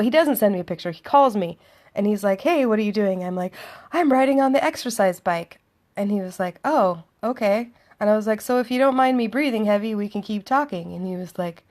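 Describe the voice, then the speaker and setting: A woman's voice: medium pitch, darkish tone. A woman telling a dating story in a chatty, sardonic monologue, acting out both sides of the conversation. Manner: chatty, sardonic, acts out dialogue. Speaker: vlogger.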